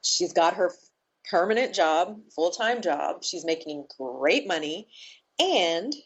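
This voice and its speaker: Woman telling a story, low and lo-fi. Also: takes it slowly, a little hiss or hum. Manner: emotional, animated storyteller who acts out quoted talk. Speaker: podcast guest, nonprofit founder. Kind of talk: casual interview storytelling.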